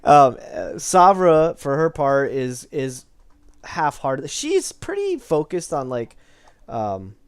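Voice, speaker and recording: A man's voice: fairly high pitch, wildly swooping pitch, takes it slowly, clear, resonant tone, no echo, clean studio sound. A man narrating as game master, hedging and rambling as he describes the scene.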